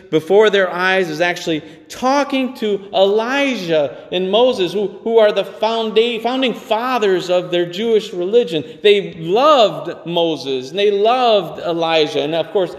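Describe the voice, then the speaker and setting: A man preaching a sermon to his congregation, earnest and warm, often repeating words as he goes. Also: high voice. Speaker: pastor. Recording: long hall reverb.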